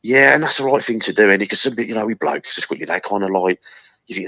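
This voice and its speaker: Podcast guest, man, very deep, matey and upbeat, dull dry recording. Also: lively intonation, quick pace, sharp tone, no room sound. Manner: matey, encouraging, says mate a lot. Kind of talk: casual chat.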